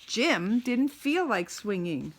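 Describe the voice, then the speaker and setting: Animated woman reading a picture book. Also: a little high, takes it slowly. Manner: animated, asks young listeners questions. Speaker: teacher reading aloud to children. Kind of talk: children's picture book read-aloud.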